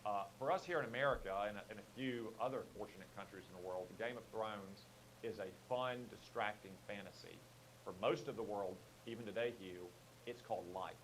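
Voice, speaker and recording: Low-voiced male political guest. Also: slight background noise, rough recording. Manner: measured, argumentative, with frequent fillers. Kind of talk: radio interview.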